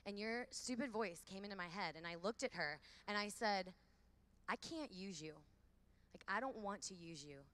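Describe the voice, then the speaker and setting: A woman in her thirties giving a lively faith talk to a large hall of women, with call-and-response. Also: mid-range voice, moderate pace. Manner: lively, preachy, calls for audience repeats. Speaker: conference speaker.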